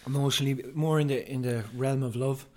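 A man's voice: mid-range voice, fairly even intonation, fairly quick. A man, co-hosting a casual podcast, joking around and swearing. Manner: jokey, swearing, breaks into mock rap. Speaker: podcast co-host. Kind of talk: casual chat with freestyle rapping.

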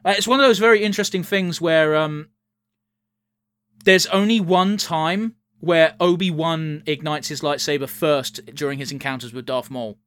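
A man's voice: fairly high pitch, moderate pace, fairly bright tone, smooth, no echo. A man chatting casually while watching a film, blunt and swearing freely. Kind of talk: casual chat reacting to a film.

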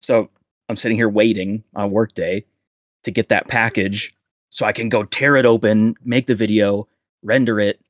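A young man chats as a podcast guest in a low voice. He rambles easily, laughing between thoughts and leaning on fillers. The sound is dry and close, with no room around it. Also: steady tone, moderate pace, no echo. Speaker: guest content creator. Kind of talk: casual podcast chat.

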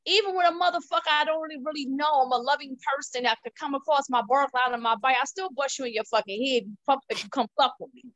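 High-voiced blunt woman in her forties. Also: fast talker, hardly any pauses, fairly bright tone, no room sound, muffled recording. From United States. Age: 40s. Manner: blunt, profane, storytelling. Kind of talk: casual chat.

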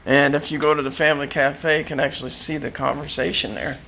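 A man tells his stories casually, wandering from one to the next and repeating himself often. His voice is a little high and bright, with a gravelly rasp running through it. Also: fairly even intonation, quick pace, slight background noise. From Florida. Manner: rambling, repeats words, chuckles often. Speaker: storyteller. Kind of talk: casual personal storytelling.

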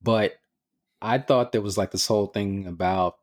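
A man with a fairly low voice talks in a measured, agreeable way in casual podcast chat, laying out his points and telling stories at an even pace. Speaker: podcast co-host.

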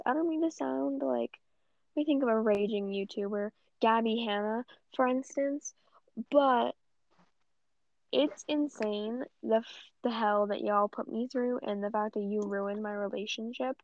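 A young woman rants on her vlog in a casual, blunt, foul-mouthed way, rambling into asides. Her fairly high voice holds a steady tone at a measured pace, creaky and a little mellow, on dull, dry lo-fi audio with no echo.

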